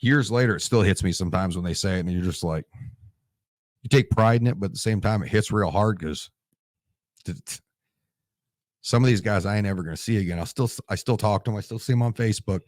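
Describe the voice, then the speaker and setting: Fast and lowish in voice, this Marine veteran in his forties shares war stories in a casual interview, choking up, cursing, and restarting his sentences. The recording is dry and studio quality.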